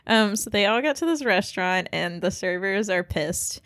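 A woman's voice: mid-range voice, normal speed. Giggly woman retelling a plot. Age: 30s. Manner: animated storyteller, giggly. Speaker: podcast co-host. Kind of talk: casual chat.

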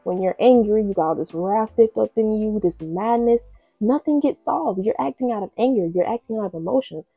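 A woman's voice: mid-range voice, fairly quick, gravelly, slightly rough, no room sound, narrow, tinny audio, faint music behind. A young woman hosting a faith-based solo podcast, talking earnestly and conversationally, repeating phrases for emphasis. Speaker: podcast host.

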